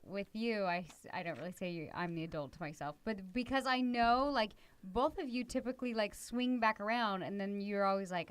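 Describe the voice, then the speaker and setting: A woman's voice: mid-range voice, brisk, hardly any pauses, clean tone, no room sound. A middle-aged woman co-hosting a podcast, chatting casually with her husband, acting out quoted lines and saying 'like' often. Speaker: podcast co-host.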